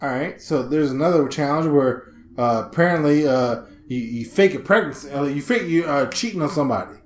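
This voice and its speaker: A man co-hosting a casual comedy podcast, animated, laughing often and acting out voices in his stories. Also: fairly high pitch, fairly quick. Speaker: podcast co-host. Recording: roomy echo.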